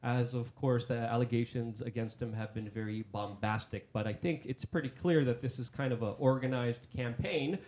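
A man's voice: mid-range voice, moderate pace, hardly any pauses, a little mellow. An American man hosting a political talk show, speaking in a polished radio presenter voice. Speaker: host.

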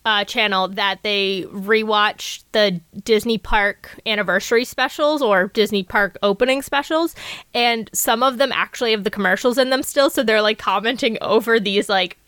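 A woman's voice: mid-range voice, normal speed, fairly bright tone, no echo. A woman co-hosting a podcast in casual chat, chatty and laughing often. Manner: chatty, laughs often, reads quotes in playful voices. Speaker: podcast co-host.

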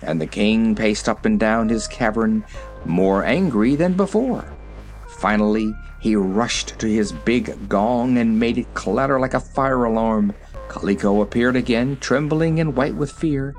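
A man narrating a children's storybook in an expressive, animated way. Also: on the low side, unhurried. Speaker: reader. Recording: soft background music.

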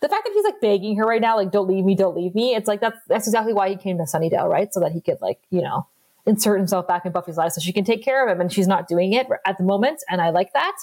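A woman in casual conversation on a podcast, pitched in the middle of the range. She walks through scenes with plenty of quoted lines and frequent laughter. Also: expressive, fast talker, darkish tone. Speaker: podcast co-host. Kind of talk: casual recap chat.

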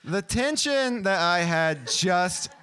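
A man doing a stand-up comedy set, animated and profane, with punchlines that rise to shouts. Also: high-pitched, takes it slowly. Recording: noisy live club recording.

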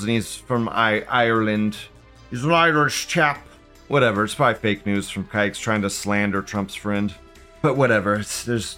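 A man's voice: medium pitch, fairly bright tone. A man hosting a casual livestream, reading out viewer comments and rambling off the cuff with frequent bursts of laughter.

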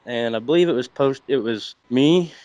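A man's voice: mid-range voice, moderate pace, darkish tone, dry recording. A man who is a guest on a podcast, telling a laid-back, vulgar story in casual chat. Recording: dull dry lo-fi mic.

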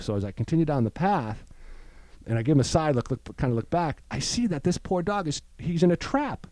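A man's voice: a little high, a little fast, no room sound. A man in recovery, telling a story in casual chat and acting out the voices of the people in it. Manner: animated storyteller, acts out voices. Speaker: guest in recovery.

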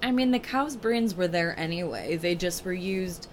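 A woman's voice: lowish voice, lively intonation, normal speed, a little hiss or hum. A woman co-hosting a podcast in casual chat, rambling through a plot summary with lots of "like" and "um". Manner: rambling, many fillers like "like" and "um". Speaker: podcast co-host.

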